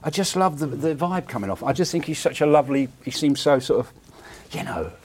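Middle-aged guy, comedian on a panel, bouncy pitch all over, chatty and playful. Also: sing-song, a little fast, slight background noise. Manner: chatty, playful, breaks into impressions and laughs. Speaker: guest comedian. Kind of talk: casual panel chat.

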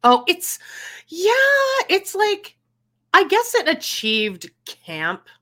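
A woman co-hosting a podcast over a video call, chatting casually and animated, often laughing and trailing off mid-sentence. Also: high-pitched, slow pace. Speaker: podcast co-host. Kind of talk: casual chat.

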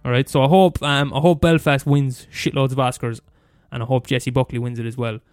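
An Irish man with a Limerick accent rants in a mid-pitched voice, swearing freely and tripping over his own restarts. The recording is dry and close, with faint music underneath. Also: steady tone, fairly quick, clean tone, no room sound. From Limerick, Ireland. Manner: profane, exasperated, full of restarts and repetitions. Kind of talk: comedic rant monologue.

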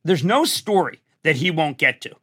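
An older man with a high, bright voice that swoops all over as he talks. He rambles in an animated, casual way as an interview guest, circling back and restarting. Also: husky. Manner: animated, rambling, quick jumps in pitch.

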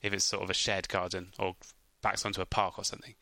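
A man co-hosting a casual podcast, explaining things in a relaxed, lightly joking way. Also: sits low, fast, gravelly, no room sound. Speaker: podcast co-host.

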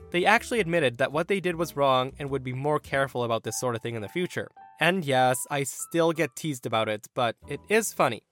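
A man hosting a podcast, reading revenge stories aloud with sarcastic, animated delivery. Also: on the high side. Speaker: podcast host.

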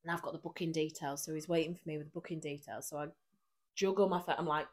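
A woman, co-hosting a podcast and telling a lively anecdote in casual chat. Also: low-pitched, fast talker. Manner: animated anecdote-telling with frequent laughter and acted quotes. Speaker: podcast co-host.

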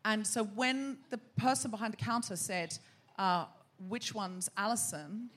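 A woman's voice: mid-range voice, unhurried, fairly bright tone. An Australian woman hosting a live comedy podcast on a theatre stage, teasing and bantering with the audience. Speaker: podcast host. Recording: live theatre with crowd and faint noise.

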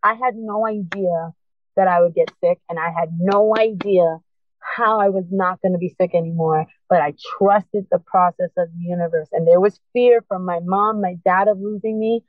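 Over a tinny phone line, a woman with a fairly low, steady voice speaks at normal speed with no echo. As a guest, she gives an emotional personal testimony, earnest and impassioned, urgently encouraging listeners to keep going.

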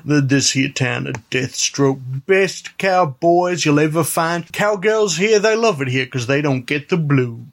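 A man putting on a slow-drawling saloon owner. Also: fairly high pitch, expressive. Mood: pompous. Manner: slow, rambling mock-formal drawl. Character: drawling old-west male saloon owner. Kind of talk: improvised comedy bit. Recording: noisy backup recorder.

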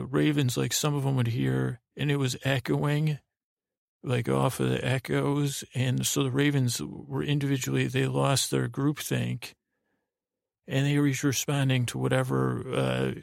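A man's voice: mid-range voice, little pitch movement, unhurried, no room sound, clean studio sound. A man hosting a podcast, telling a meandering bedtime story full of hesitations and restarts. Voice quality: gravelly. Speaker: podcast host. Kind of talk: rambling sleep-story narration.

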